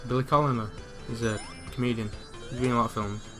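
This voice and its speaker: A man's voice: mid-range voice, steady tone, fast, over music. A young man with a casual, self-mocking manner, rambling and restarting sentences as he comments on a game over a voice call. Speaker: let's play commentator. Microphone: headset on a voice call.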